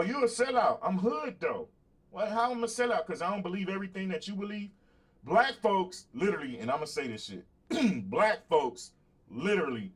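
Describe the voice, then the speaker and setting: A man's voice: high-pitched, husky. Blunt, profane talk show host, man. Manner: blunt, profane, emphatic, repeats himself; laughs between points, calls out to viewers. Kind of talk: casual livestream monologue, answering chat.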